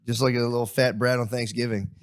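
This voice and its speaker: A man's voice: mid-range voice, little pitch movement, fast. A man co-hosting a comedy podcast, chatting casually, joking and acting out quoted voices with frequent laughs. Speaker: podcast co-host.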